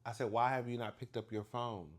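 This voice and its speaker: A man telling a story to the camera in a chatty, animated way, acting out the dialogue with big emphasis and calling the listener "girl". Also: mid-range voice, brisk. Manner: acts out dialogue with exaggerated emphasis.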